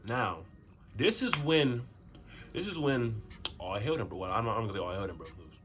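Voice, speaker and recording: A young man tells a story in a casual storytime vlog, animated and slangy. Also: normal speed. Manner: animated, swings to high voices for quotes. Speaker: storyteller vlogger.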